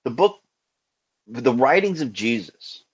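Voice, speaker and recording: A man's voice: mid-range voice, big pitch swings, takes it slowly, husky, dull audio. Earnest, musing man hosting a live show. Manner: earnest and musing, with many restarts. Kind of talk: casual live call-in chat.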